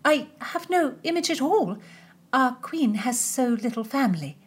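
A woman's voice: high-pitched, very animated, a little slow, breathy edge, pitched above the performer's own voice, heavily acted. A woman voicing a timid young maid of honour who stammers and tries to sound worldly. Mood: flustered. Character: flustered earnest young English maid of honour.

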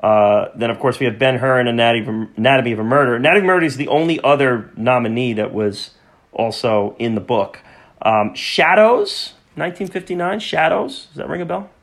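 A man's voice: medium pitch, expressive, brisk, fairly bright tone. A man hosting a casual film podcast, rambling and repeating words as he runs through a list of old movies, tripping over foreign titles. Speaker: podcast host.

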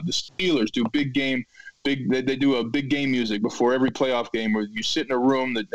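A man in his thirties tells stories as a podcast guest, lively and animated, jumping into loud acted-out quotes. The sound is dry and a little dull. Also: medium pitch, no echo. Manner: animated storyteller, acts out quotes loudly. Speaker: guest, retired football player. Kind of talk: storytelling in a podcast interview.

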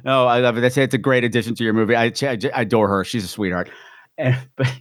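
A man's voice: mid-range voice, fairly even intonation, fast, no room sound, studio quality. A man hosting a casual podcast chat, campy and theatrical.

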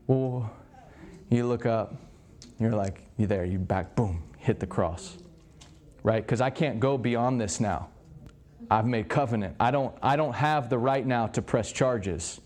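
Animated man preaching in story mode. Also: mid-range voice, normal speed. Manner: animated storytelling, acts out dialogue. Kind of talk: sermon-style teaching.

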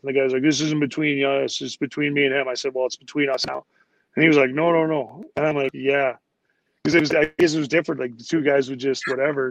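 A man's voice: medium pitch, steady tone, fast talker, gravelly, no room sound, poor audio. A man, a former hockey player, telling rambling casual stories with lots of "like" and "you know" fillers. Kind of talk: casual storytelling interview.

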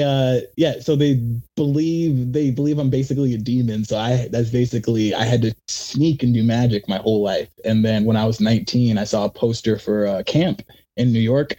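A young man talks as a guest in a casual interview, spinning rambling stories and jumping into quoted voices. His voice is husky and dark. He sounds like a working magician chatting loosely. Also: mid-range voice. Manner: rambling, animated storytelling with acted quotes.

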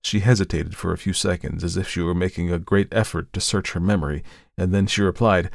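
A male narrator reads a first-person tale in a measured, steady way. His voice sits low with a gravelly texture. The recording is dry and close with no room sound. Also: no room sound. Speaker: audiobook narrator.

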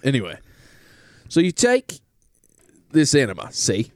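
A man's voice: mid-range voice, wildly swooping pitch, unhurried, a little mellow, dry recording. A man voicing a pushy male salesman, with chummy sales patter. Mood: salesy. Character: brash British male salesman pitching a product.

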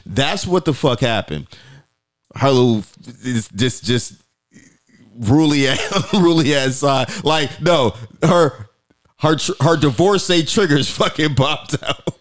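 A man's voice: on the high side, takes it slowly. A man co-hosting a podcast, telling stories in a casual, profane way and acting out quoted voices. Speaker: podcast co-host.

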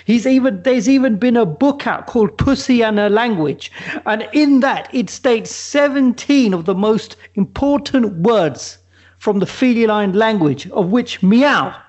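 Guy on a podcast, kinda high voice, rambly storyteller, lo-fi audio. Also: expressive, measured pace, a little mellow. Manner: rambling, stumbling restarts, storytelling. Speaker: podcast co-host. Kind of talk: comedic casual chat.

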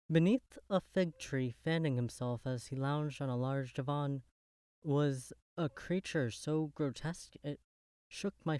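A man narrating a gothic horror story in the first person, in a measured, literary storytelling manner. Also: medium pitch, darkish tone, no echo, clean studio sound.

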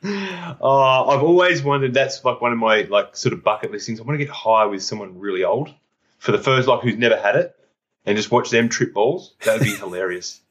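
A man with an Australian accent, a podcast host telling stories in animated casual chat, laughing often. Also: medium pitch, fairly quick, slightly rough. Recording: dull lo-fi sound.

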